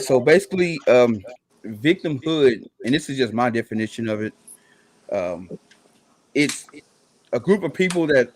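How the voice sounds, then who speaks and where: A man co-hosting a podcast, explaining terms in a steady, plain way with some "um"s. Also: medium pitch, slight background noise. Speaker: podcast co-host. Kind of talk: casual explaining.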